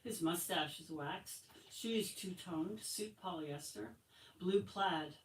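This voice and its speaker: A woman author reading her novel aloud at a bookstore event, expressive and light. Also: on the low side, takes it slowly. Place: bookstore, indoors. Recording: echoey room from far off, faint ambience.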